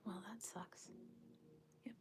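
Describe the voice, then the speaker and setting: A woman's voice: slow pace, music in the background. A woman hosting a casual livestream at home, chatting with viewers and answering their comments, often dropping to a whisper. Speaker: livestream host. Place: at home looking out over a snowy backyard. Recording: steady background noise.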